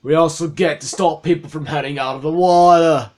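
A smug, pompous villain from a video game speaks with a put-on British accent, as a man reads him aloud. The voice sits lower and more deliberate than ordinary talk, with a slightly high, bright edge. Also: fairly even intonation, lightly acted. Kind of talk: reading game dialogue in voices.

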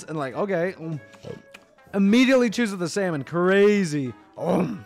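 A young man streaming, chatting casually to his viewers, excitable and animated, jumping from loud squeals down to quiet mumbles. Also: high voice, normal speed, soft background music. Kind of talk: casual livestream commentary.

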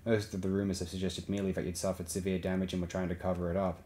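A cool, probing smuggler chief talks over a comm channel with a low, even voice, voiced by a male audiobook reader. He stays calm and measured, with a hard edge under the politeness. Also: slight background noise, lightly acted.

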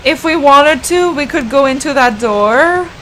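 A woman's voice: high voice, lively intonation, a little slow, fairly bright tone, slight background noise. A young woman streaming a horror game, talking to her chat and anxiously repeating pleas as she plays. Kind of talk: horror game let's play.

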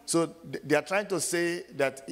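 A man preaching a sermon as pastor, asking the congregation to finish verses and acting out scenes with loud shouts. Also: fairly high pitch, slow. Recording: long hall reverb.

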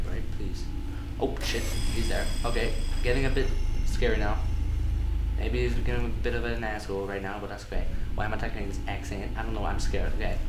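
Playing through a horror game for his gaming channel, a man with a lowish voice narrates a let's-play, startling easily, cursing, and muttering to himself. The room echoes and the recording is very noisy.

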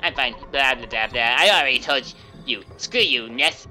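A man putting on the voice of a loud, bratty neighbor boy in a video game. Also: mid-range voice, lively intonation, moderate pace, faint music behind. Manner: shouting, bossy.

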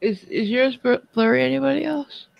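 A man's voice: very high voice, normal speed, gravelly, dry recording, dull audio. A man chatting casually while playing a video game, rambling and hesitant, swearing when surprised. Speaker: gamer host. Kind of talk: casual gaming chat.

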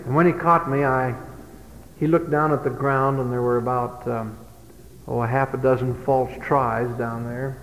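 A man's voice: mid-range voice, fairly even intonation, moderate pace, slight background noise. A man giving a speech to youth, telling humorous stories in a folksy way. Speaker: speaker. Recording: dull old hall recording with long reverb.

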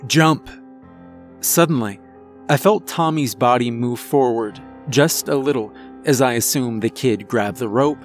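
A man narrating a first-person horror story in a measured, tense way, over faint music. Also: mid-range voice.

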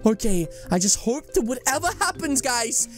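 A young man giving excitable, playful game commentary straight to his viewers. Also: very high voice, normal speed, soft background music. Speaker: gaming YouTuber.

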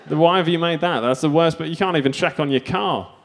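A man's voice: fairly high pitch, fast. A man doing a stand-up set, delivering self-mocking absurd one-liners. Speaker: stand-up comedian.

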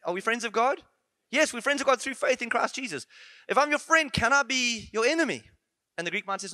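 Bright-voiced animated male preacher. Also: sits high, a little fast, no room sound. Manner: animated, rhetorical questions, playful asides. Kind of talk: conference sermon. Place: church.

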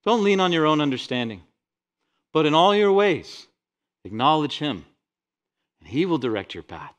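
A man preaching a sermon as pastor, reading scripture with rising force and dropping into quiet, personal asides. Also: a little high, normal speed. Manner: animated preaching, swells loud on scripture quotes; drops to quiet, intimate asides.

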